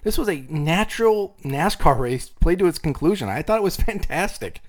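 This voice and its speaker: A man's voice: fairly high pitch, lively intonation, moderate pace. A man co-hosting a podcast in casual chat, with a dry, mock-solemn sense of humor. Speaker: podcast co-host.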